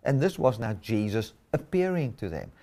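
A man's voice: medium pitch, very animated, moderate pace, warm tone. A man preaching a sermon, reading and explaining scripture with emphatic stress.

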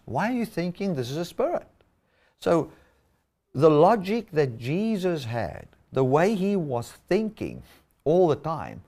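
A man's voice: medium pitch, dark tone. A man preaching a sermon, reading and explaining scripture with emphatic stress.

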